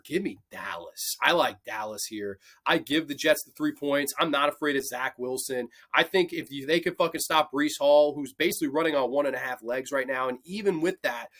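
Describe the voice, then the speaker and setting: A man's voice: medium pitch, sharp tone. A young man hosting a football picks show, talking casually with lots of swearing and passionate rants. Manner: profane, passionate ranting. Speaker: sports picks host. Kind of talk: casual sports betting commentary.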